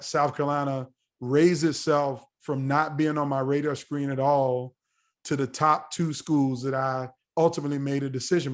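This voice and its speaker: A middle-aged man from the United States telling a story as a podcast guest, acting out the voices of the people he quotes. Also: medium pitch. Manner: animated, acts out quoted voices. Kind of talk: storytelling in a casual interview.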